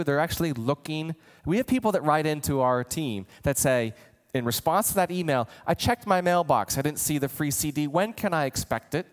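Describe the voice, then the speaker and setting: A man giving an energetic marketing training talk, animated and acting out imagined customers. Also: on the high side, big-room sound. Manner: animated, voices imagined customers, gets worked up. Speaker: marketing coach.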